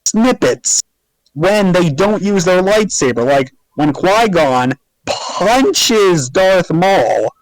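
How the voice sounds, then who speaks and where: A man on a podcast with a high voice, dry and close to the mic. He speaks slowly and emphatically, with sarcasm and casual swearing. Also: lively intonation, no echo, poor audio.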